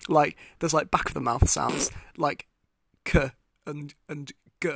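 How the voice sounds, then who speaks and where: Gravelly, higher-voiced man explaining casually. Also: steady tone, fairly bright tone, no room sound, studio quality. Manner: chatty and halting, with many "like" fillers, demonstrating sounds aloud.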